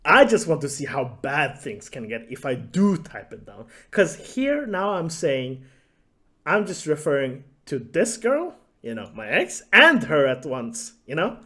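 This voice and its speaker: A man's voice: a little high, sing-song, unhurried, sharp tone. A man telling a story in a casual vlog, sarcastic and profane, laughing often. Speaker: YouTuber.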